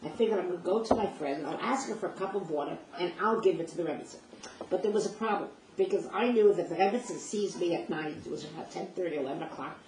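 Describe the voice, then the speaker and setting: A woman's voice: fairly low pitch, quick pace. An older woman recounting personal memories as a vivid, emotional first-person story, acting out the dialogue. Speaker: speaker sharing personal memories. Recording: roomy distant mic with faint noise.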